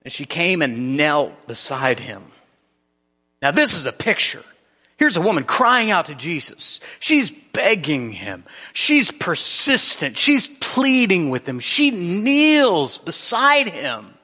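A man's voice: fairly high pitch, sing-song, slow, sharp tone, in a large hall. A man preaching a sermon in a conversational way, often restarting his sentences. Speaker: pastor.

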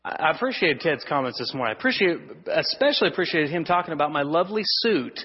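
A male pastor preaching a sermon to his congregation, swinging between loud emphasis and hushed, drawn-out lines. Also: on the high side, lively intonation, breathy edge, in a large hall, lo-fi sound. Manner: asks the congregation for responses. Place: church sanctuary.

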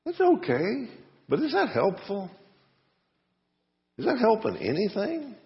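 A pastor giving a conversational sermon full of rhetorical questions and a folksy manner. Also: male voice, high voice, wildly swooping pitch, a little slow, vocal fry. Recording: muffled sound with long reverb.

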